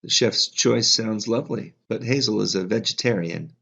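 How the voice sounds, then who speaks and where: Dude doing a charming teen boy, teasing, husky low voice. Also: moderate pace, sharp tone, full character voice. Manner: easygoing, teasing. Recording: slightly dull lo-fi audio.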